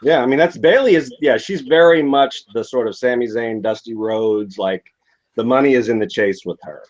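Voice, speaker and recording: A man's voice: medium pitch, dull audio. A man co-hosting a wrestling podcast in casual chat, weighing his opinions and hedging them. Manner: thoughtful, measured, hedging. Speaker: podcast co-host.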